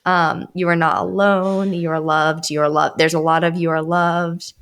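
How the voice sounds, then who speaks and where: Woman, podcast co-host, low gravelly voice, casual chat, reads listener notes. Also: little pitch movement, normal speed, fairly bright tone. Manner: reads listener answers aloud, laughs often.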